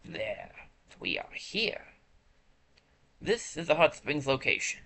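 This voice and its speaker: A streamer voicing a kindly old hot spring elder while reading game dialogue aloud, in a slow, gentle, old-fashioned manner. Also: medium pitch, big pitch swings, heavily acted.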